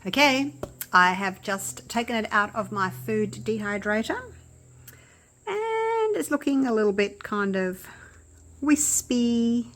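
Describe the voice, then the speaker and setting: Woman crafter vlogging from her studio, kinda high voice, super lively and chatty with the viewers. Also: takes it slowly. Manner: chatty, excitable, talks straight to viewers. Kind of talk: casual vlog narration.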